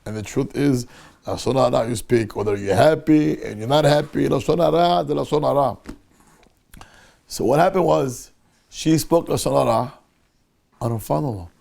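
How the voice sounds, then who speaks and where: A man's voice: medium pitch, fast, vocal fry. A male rabbi teaching a Torah class, telling a story with animation and acting out the people in it. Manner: animated storyteller who acts out the people in his tale.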